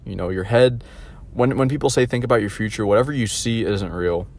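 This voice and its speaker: A man ranting casually, with profanity and many fillers like "like" and "you know", and mocking others in a higher voice. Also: brisk, a little mellow. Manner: mocking high-pitched imitations of others.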